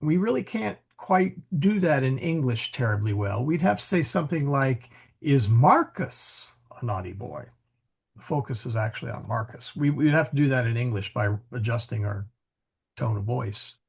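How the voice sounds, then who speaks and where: A man's voice: medium pitch, expressive, moderate pace, vocal fry, husky. A man teaching a Latin class, explaining grammar as he thinks aloud, with many fillers and restarts.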